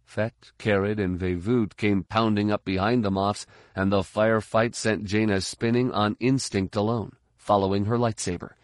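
A man narrating an audiobook in a steady, measured voice. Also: fairly low pitch, no echo, clean studio sound. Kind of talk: scripted narration.

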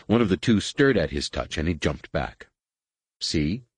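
Male audiobook narrator, deep and animated, dry close recording. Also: normal speed, breathy edge, dry recording. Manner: expressive reading with voices for each figure.

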